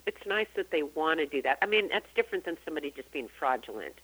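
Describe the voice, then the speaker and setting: A woman's voice: low-pitched, very animated, fast talker, fairly bright tone, breathy edge, poor audio. A woman guest on a radio interview, talking earnestly about beliefs and acting out what people say. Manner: earnest, acts out quoted voices. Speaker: guest psychic and author.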